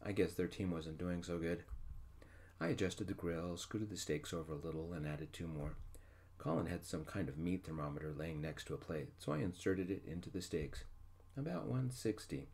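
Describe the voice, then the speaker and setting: A man telling a first-person story in a gentle, unhurried, soft-spoken ASMR style, whispered role-play. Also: low-pitched, gravelly.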